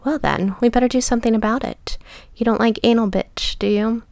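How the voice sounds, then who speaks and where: A woman voicing a cruel, sadistic man who speaks in a low, hushed, often whispered taunting tone. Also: fairly even intonation, brisk, creaky, no echo. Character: cruel, sadistic adult man, a paying client.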